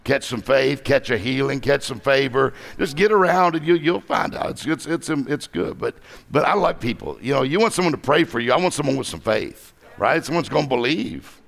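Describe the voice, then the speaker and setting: A middle-aged man preaching a lively conference sermon, joking and exhorting the crowd. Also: medium pitch, moderate pace, gravelly.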